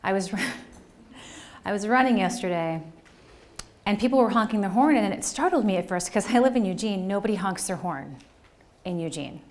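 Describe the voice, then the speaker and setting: A woman from New Jersey giving a lively, conversational workshop presentation to educators, often checking in with the audience. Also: mid-range voice. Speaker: conference presenter. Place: presentation room.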